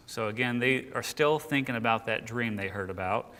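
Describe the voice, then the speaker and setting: A man teaching a Bible class in a church room, reading scripture aloud and explaining it in a relaxed, joking way while quizzing his listeners. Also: mid-range voice, normal speed, hardly any pauses, big-room sound.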